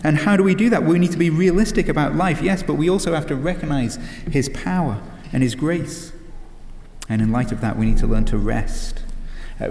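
A man's voice: a little high, a little mellow. Guy preaching, lots of uh's and rhetorical questions, echoey church hall. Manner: earnest, many "uh" fillers and restarts, rhetorical questions. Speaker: pastor. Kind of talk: sermon. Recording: echoey hall with long reverb.

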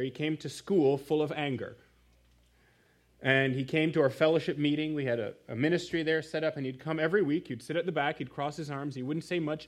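A man preaching a sermon in church, telling a story with animated asides to the congregation. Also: on the high side. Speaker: pastor.

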